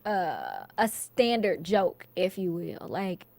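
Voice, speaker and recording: A woman's voice: on the low side, wildly swooping pitch, slow, creaky, a little mellow, dry recording. A woman comedian, chatting casually in an interview and laughing often. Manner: laid-back, laughs often, storytelling. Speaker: comedian guest.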